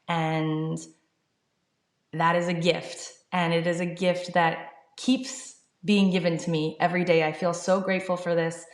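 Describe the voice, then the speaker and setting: A woman's voice: fairly low pitch, flat delivery, unhurried. A middle-aged woman, a startup founder, talking earnestly and upbeat as an interview guest. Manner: earnest, upbeat, fluent with fillers. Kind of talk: conversational interview. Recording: echoey room.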